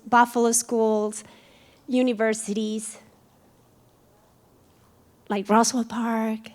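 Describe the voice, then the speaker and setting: Animated Colombian-accented woman telling her story. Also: fairly high pitch. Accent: Colombian Spanish. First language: Spanish. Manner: animated, acting out quoted dialogue. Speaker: dance company founder. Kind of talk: personal story told to an audience. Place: museum event hall.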